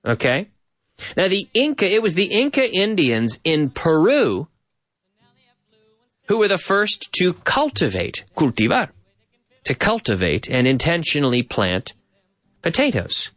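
A man's voice: fairly high pitch, huge pitch swings, unhurried, pauses often, fairly bright tone, no echo. A man hosting a radio show in a studio, chatting and explaining clips, slipping in Spanish translations. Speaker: radio host. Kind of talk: bilingual radio show chat.

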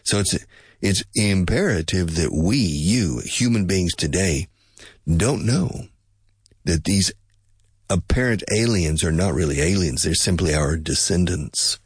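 Man, English teacher, speculative and repetitive, husky, dry recording. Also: deep voice, unhurried, dry recording. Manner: musing, speculative, repeats and drills pronunciation. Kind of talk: casual spoken lesson to learners.

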